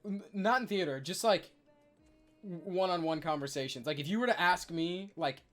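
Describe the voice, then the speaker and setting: A young man, a streamer, telling stories in casual chat, excitable and stammering, loudly acting out what people said. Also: high voice, moderate pace, faint music behind.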